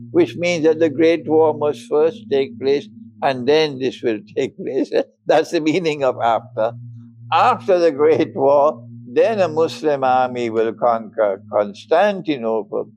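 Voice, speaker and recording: An older man giving a religious lecture, emphatic and deliberate, often breaking into chuckles. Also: on the high side, a little mellow, low-quality recording. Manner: slow and deliberate, spelling out words. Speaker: Islamic scholar lecturing.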